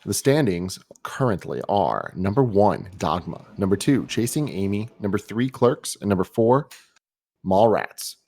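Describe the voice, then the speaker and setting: A man with a lowish voice co-hosts a casual podcast. He is laid-back and wry, and he reads out listener messages. The mic is close and dry. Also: sing-song, measured pace, vocal fry, a little mellow, dry recording. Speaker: podcast co-host.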